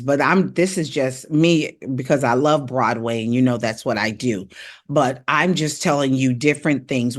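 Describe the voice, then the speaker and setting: A woman coaching voice in a relaxed live stream, talking straight to her viewers. She repeats her points, checks in often and drops into quick rap lines and tongue twisters to show the drills. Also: rumbling low. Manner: encouraging, repetitive, rapping drills aloud. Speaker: vocal coach.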